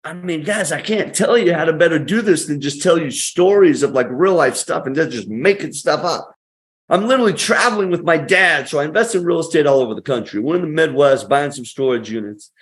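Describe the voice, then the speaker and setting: Fired-up, motivational man with a higher voice. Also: animated, brisk. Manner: emphatic, motivational, punchy phrasing. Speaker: podcast guest. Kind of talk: conversational storytelling.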